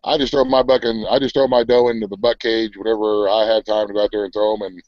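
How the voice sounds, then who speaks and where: A man's voice: fairly low pitch, flat delivery, fast, no echo. Laid-back man on a muffled stream. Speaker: co-host of homestead live show. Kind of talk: casual chat.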